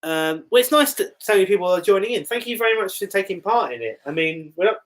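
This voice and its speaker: Man, podcast co-host, lively anecdotes, casual swearing, laughs a lot. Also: high voice, fast. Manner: animated storytelling, swearing, laughing. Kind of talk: casual live-stream chat.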